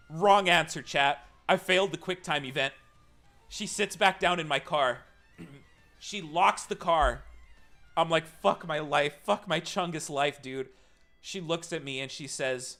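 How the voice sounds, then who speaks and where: A young male streamer spins a story for his chat, swearing freely and jumping into loud, mock-panicked outbursts. His voice sits a bit high and sounds bright and forceful. Faint game music plays under his desk mic. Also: unhurried. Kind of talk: storytelling to a live chat while gaming.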